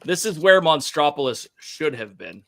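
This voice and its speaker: A man with a bright, forceful voice, talking casually on a podcast, recorded dry with no room sound. He gives firm opinions and often trips over the first words of a sentence. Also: a little high, sing-song, moderate pace, creaky, no echo. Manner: opinionated, stammers when starting a thought. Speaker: podcast co-host. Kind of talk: casual chat.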